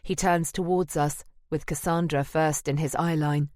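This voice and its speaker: A woman's voice: sits low, moderate pace, few pauses, a little mellow, dry recording. A woman narrating a first-person audiobook in a wry, dry manner. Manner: wry and dry, present-tense telling.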